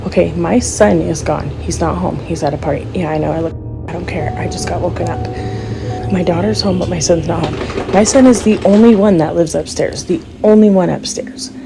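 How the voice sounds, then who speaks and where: A woman's voice: on the low side, brisk, gravelly, over music, rough recording. A middle-aged mother filming inside her house on a phone, scared and teary, talking in a panicky rush and repeating herself. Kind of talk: amateur home video. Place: house, indoors, upstairs hallway and rooms. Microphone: handheld phone camera.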